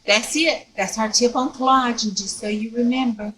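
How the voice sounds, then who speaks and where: A woman's voice: fairly high pitch, fairly even intonation, moderate pace, a bit bright, rough recording. A woman talks through a craft project step by step. She is folksy and rambling and keeps checking in with the viewer. The close recording has a faint hum of background noise. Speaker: craft tutorial host.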